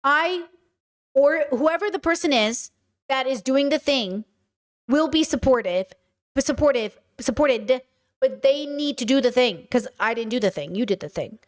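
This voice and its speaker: A woman's voice: high voice, lively intonation, measured pace. A woman hosting a podcast, reacting to clips with emphatic casual commentary and repeating words for effect.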